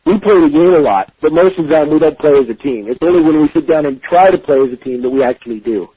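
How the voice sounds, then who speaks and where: A man's voice: on the high side, animated, fast, husky, no echo, highs cut off. A man being interviewed as a game developer, talking casually with many fillers and restarts, choosing his words with care.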